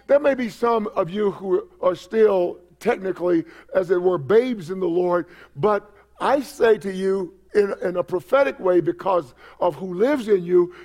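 A man's voice: high-pitched, a little mellow. An older man preaching a sermon at a church service, often restarting and repeating his words as he builds to emphatic exhortations. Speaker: pastor.

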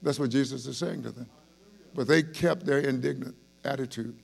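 Gravelly-voiced male preacher. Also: medium pitch, normal speed. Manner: earnest, emphatic, with frequent restarts and rhetorical questions. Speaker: pastor. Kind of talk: evening Bible study sermon.

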